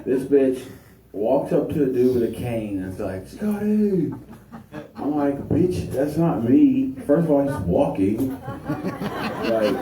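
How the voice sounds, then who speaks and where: Slow, crude young man doing stand-up. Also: medium pitch, warm tone. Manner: crude, profane, laid-back delivery. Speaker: stand-up comedian. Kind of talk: stand-up set with crowd work. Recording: echoey room, distant mic, noisy.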